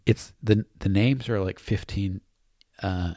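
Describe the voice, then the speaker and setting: A man's voice: lowish voice, fairly even intonation, slow pace, mellow, dry recording, studio quality. A man hosting a podcast, rambling through casual, joking commentary with lots of fillers and frequent laughs. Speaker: podcast host.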